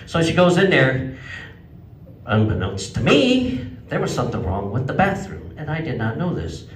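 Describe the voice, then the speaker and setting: A man doing a stand-up comedy set at a legion hall, telling folksy stories and jumping to a high voice for quoted outbursts. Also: sing-song, normal speed, a little hiss or hum. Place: legion hall stage before a live audience. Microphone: handheld microphone, picked up from some distance. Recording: echoey hall, mic at a distance.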